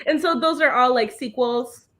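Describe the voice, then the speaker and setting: A woman with a fairly high voice hosts a relaxed reading livestream. She chats over a video call and often breaks into giggles. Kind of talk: casual chat on a video call.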